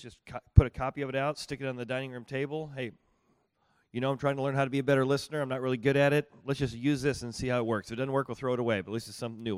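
Male workshop leader, conversational, repeats and restarts himself a lot, dry close sound, mid-pitched voice. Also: darkish tone, dry recording. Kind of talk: live group teaching. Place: room with small groups at tables.

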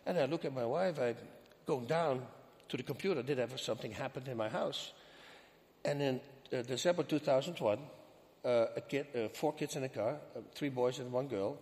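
A man with a Dutch accent, a guest in an interview, telling a story in an animated way and acting out the dialogue. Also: mid-range voice, brisk. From Netherlands. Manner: animated, acts out quoted dialogue. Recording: long hall reverb.

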